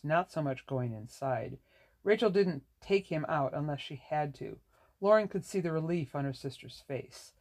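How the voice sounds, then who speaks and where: A reader narrating a novel in a measured, even way. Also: mid-range voice. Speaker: audiobook narrator. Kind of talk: scripted narration.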